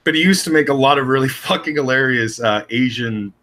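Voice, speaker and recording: Profane blunt guy cohosting a podcast, middle pitched, sharp bright tone. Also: a little fast. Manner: profane, blunt, rambling storyteller. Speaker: podcast co-host. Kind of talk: casual chat.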